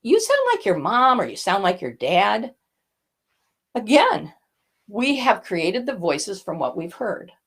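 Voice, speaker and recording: Lively older woman voice coach. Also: mid-range voice, slow, husky. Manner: animated, demonstrates vocal effects as she explains. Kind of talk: teaching a voice lesson.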